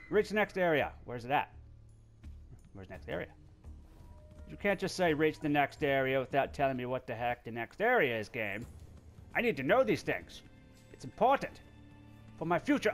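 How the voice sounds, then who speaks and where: A man playing through a stealth game and chatting to it as he goes, playful and quick to squeal or laugh. His pitch sits a bit high and swings widely between bright yelps and low mutters. Faint music plays under his voice. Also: very animated. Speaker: gameplay video host. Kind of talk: let's play commentary.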